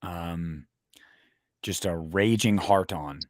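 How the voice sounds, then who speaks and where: Guy cohosting a stream chat, deep-ish voice, dead dry sound, sarcastic. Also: slow, no echo. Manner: animated, sarcastic, reads chat comments aloud. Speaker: podcast co-host. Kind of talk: casual livestream chat.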